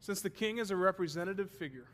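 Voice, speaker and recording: A man's voice: high-pitched, animated, fast talker, a bit bright. A man teaching a Bible study class, explaining terms and checking that his students follow, with the odd self-deprecating joke.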